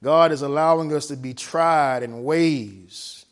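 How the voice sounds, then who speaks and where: A man's slightly high, slow voice carries a sermon in which he reads from a text and explains it. He repeatedly stops to ask "right?", swings from whisper-quiet to loud, and stretches the key words.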